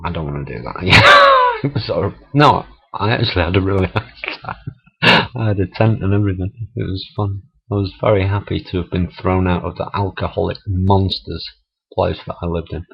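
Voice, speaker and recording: A middle-aged man tells his stories in a casual, chatty way, laughing and swearing as he goes. His voice sits low and a little husky. The sound is dull and lo-fi, like an old camera mic. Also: fairly even intonation, normal speed. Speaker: vlogger. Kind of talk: casual storytelling monologue.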